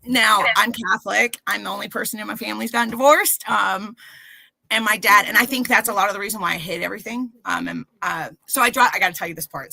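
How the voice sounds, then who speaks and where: Podcast guest, woman, 30s, candid storyteller, bright clear voice, mimics quoted people. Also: mid-range voice, no room sound, poor audio. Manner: animated, acts out quoted voices.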